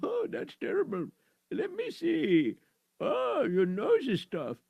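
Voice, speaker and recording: A man's voice: very high-pitched, huge pitch swings, slow, creaky, darkish tone, dry recording, voice pushed up, full character voice. A man voicing a jolly male court doctor who laughs at his own jokes and brushes patients off. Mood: amused.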